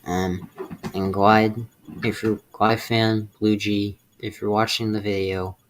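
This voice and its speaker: A young man speaking in a halting, emotional personal confession, close to tears and swearing in frustration. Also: lowish voice, little pitch movement, a little hiss or hum. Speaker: streamer.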